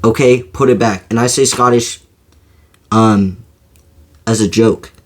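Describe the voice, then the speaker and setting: A man's voice: lowish voice, fairly even intonation. A man giving his opinion in a casual monologue, rambling and hesitant, with lots of fillers and restarts. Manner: slow, hesitant delivery. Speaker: video creator.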